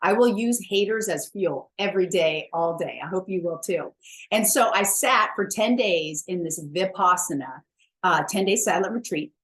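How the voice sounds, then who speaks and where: A woman's voice: fairly low pitch, moderate pace, fairly bright tone. A woman wellness coach giving a chatty, emphatic motivational talk, blunt and self-mocking, with the odd swear word.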